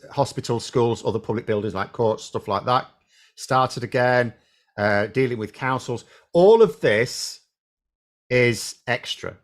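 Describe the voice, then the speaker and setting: Male host, casual political talk, animated delivery with frequent restarts. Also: medium pitch. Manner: animated, thinking aloud with restarts.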